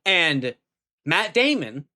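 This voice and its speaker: A man's voice: very animated, takes it slowly, bright, forceful tone. A young man giving a casual, rambling movie review vlog, full of fillers and restarts, now and then swearing, his voice jumping up when he gets emphatic. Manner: pitch jumps up when emphatic.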